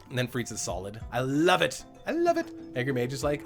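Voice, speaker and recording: Gleeful, animated young man streaming a game. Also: mid-range voice, a little fast, hardly any pauses, faint music behind. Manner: animated, gleeful, laughs often, darkly joking. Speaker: gaming livestreamer. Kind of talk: live gameplay commentary.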